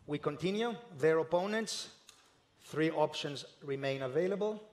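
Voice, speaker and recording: A man with a somewhat high voice presents a live draw ceremony indoors. He talks in a formal, methodical way and pauses now and then with a small hesitation. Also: darkish tone. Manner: measured and methodical, with occasional hesitations.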